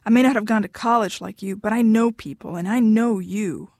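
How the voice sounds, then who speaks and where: A woman's voice: mid-range voice, fairly quick, a little mellow, no echo, studio quality, natural voice. A woman voicing an insistent, possessive husband from Mexico in an audiobook, pleading and turning tearful. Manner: insistent, wheedling, turns tearful. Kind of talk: audiobook dialogue.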